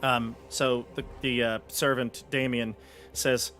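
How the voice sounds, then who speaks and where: A man's voice: mid-range voice, level tone, slow pace, fairly bright tone. Aarzelende man als spelleider. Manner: hesitant, many fillers. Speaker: game master. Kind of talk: narrating a tabletop game.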